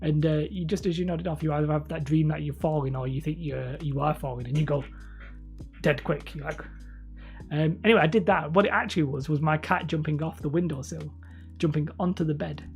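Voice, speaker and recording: A woman's voice: low voice, a little fast, vocal fry, darkish tone, soft background music. A woman chatting casually on a live stream from home, rambling and laughing often as she talks.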